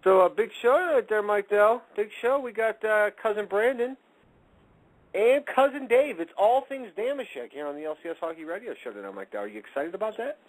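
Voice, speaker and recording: A man's voice: high-pitched, sing-song, quick pace, few pauses, low-quality recording. A man hosting a comedy hockey radio show, goofy and playful in his delivery. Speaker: host. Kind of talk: casual comedic chat.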